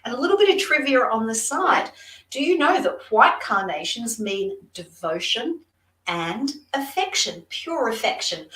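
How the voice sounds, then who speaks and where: A woman's voice: on the high side, fairly bright tone. An Australian woman doing psychic card readings on a livestream, chatty and effusive, talking straight to her viewers. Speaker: psychic reader, guest. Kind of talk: live-streamed card readings and chat. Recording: roomy room, distant mic.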